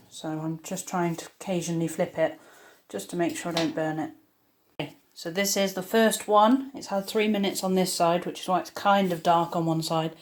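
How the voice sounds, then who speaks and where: A woman's voice: on the low side, darkish tone. A woman chatting upbeat while cooking in her home kitchen for a casual vlog. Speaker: YouTuber baking at home.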